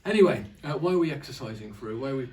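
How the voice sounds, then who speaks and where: A man's voice: mid-range voice, lively intonation, racing, a little mellow. A man presenting a casual online church devotional, chatty and rambling with fillers and restarts. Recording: distant mic.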